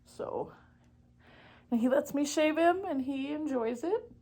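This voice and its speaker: A woman's voice: high-pitched, takes it slowly, long pauses, mellow. A young woman chatting casually in her crafting vlog, rambling with lots of fillers and getting easily distracted. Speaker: knitting vlogger. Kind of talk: casual chat.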